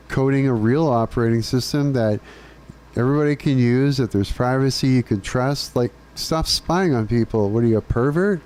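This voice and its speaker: A man's voice: medium pitch, warm tone. A man live streaming, ranting casually and profanely with frequent laughs while chatting with viewers.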